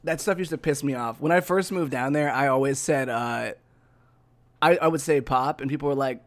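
A young man co-hosting a casual chat, animated and self-mocking, calling people "dude". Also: medium pitch, moderate pace. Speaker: podcast co-host.

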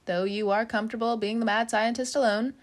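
A woman with a slightly high voice talks through a casual tarot reading. She is chatty and loose, leans on "you know" fillers, laughs often and swears casually. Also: fairly even intonation, brisk. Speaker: tarot reader.

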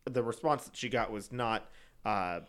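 A man in casual chat recapping a show, blunt and swearing, quoting people in animated voices. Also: lowish voice, unhurried.

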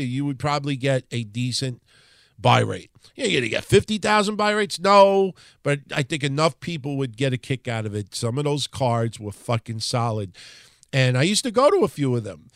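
A man's voice: mid-range voice, dry recording, studio quality. A man with a New York accent, hosting a podcast and casually recounting wrestling history in a rambling, profane way. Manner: conversational, profane, rambling with restarts. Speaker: podcast host.

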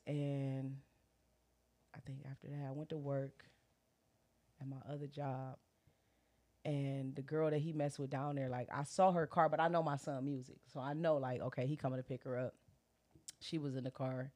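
A middle-aged woman casually telling a personal story, animated, full of slang and acted-out quotes. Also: low voice, normal speed. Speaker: guest sharing her story. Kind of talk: candid casual chat.

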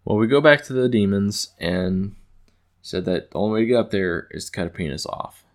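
A man's voice: on the low side, expressive, brisk. A man casually recapping an episode in a rambling, amused way with lots of fillers. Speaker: show recapper.

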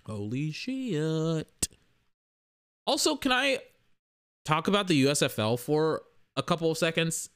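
A man's voice: a little high, big pitch swings, moderate pace, a bit bright. Rambling, profane young man ranting on sports. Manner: rambling, profane, self-correcting. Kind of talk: casual sports rant.

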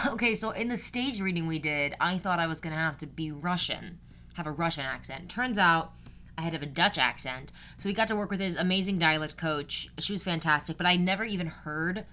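Low-voiced chatty young woman podcaster. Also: pushed and bright. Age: 20s. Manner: chatty and rambling, many fillers. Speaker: podcast host. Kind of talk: casual solo podcast chat.

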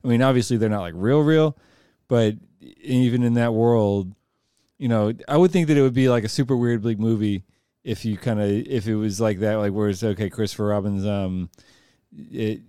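A man's voice: lowish voice, steady tone, a little fast, warm tone, clean tone, no echo, clean studio sound. A man co-hosting a casual podcast chat, rambling and laughing often with lots of "like" fillers. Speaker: podcast co-host.

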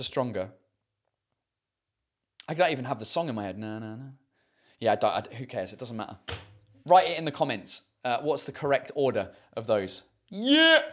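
A man hosting a casual livestream chat, rambling with many fillers and swearing freely. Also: on the high side. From United Kingdom. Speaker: host.

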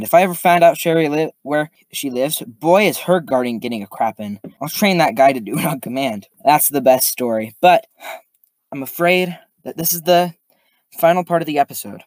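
A man's voice: mid-range voice, no echo. A man hosting a podcast, casually reading online stories aloud, stumbling and adding his own comments. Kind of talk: casual story reading with asides.

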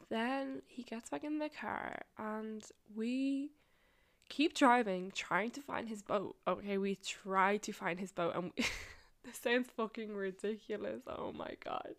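A woman's voice: fairly high pitch, unhurried. A young woman vlogger casually telling a long story, rambling, swearing and laughing often.

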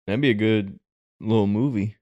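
A man's voice: on the low side, normal speed, darkish tone, no echo, highs cut off. A young man in casual chat who listens to a friend's story and answers with teasing jokes and short quips. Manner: joking, laughing reactions and teasing quips.

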